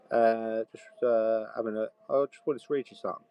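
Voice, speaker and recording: A man doing comic voicemail monologues. He swears a lot and swings from shouting to hushed sighs. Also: lowish voice, fairly even intonation, a little fast, hardly any pauses, muffled recording, slight background noise. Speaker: comedy podcaster.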